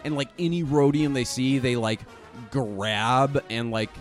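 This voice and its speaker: A man's voice: mid-range voice, unhurried, soft background music. A man co-hosting a podcast, chatting in a rambling, profane, jokey way and laughing often. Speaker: podcast co-host. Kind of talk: casual chat.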